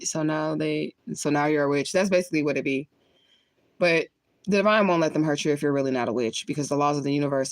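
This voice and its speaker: On a livestream with no echo, a spiritual reader with a low voice chats casually. She rambles and curses, breaks into frequent laughter, and keeps lighting and smoking between thoughts while she talks.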